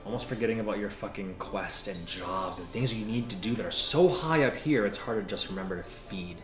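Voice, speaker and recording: A man's voice: fairly low pitch, fairly quick, reverberant, over music. A man narrating as game master in a laid-back way, describing scenes with casual swearing.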